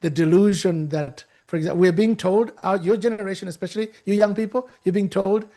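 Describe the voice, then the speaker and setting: A man's voice: sits high, a little fast, few pauses, mellow. A man giving an emphatic, preacherly motivational talk to young people, often restarting and repeating words. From Uganda. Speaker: guest speaker and author.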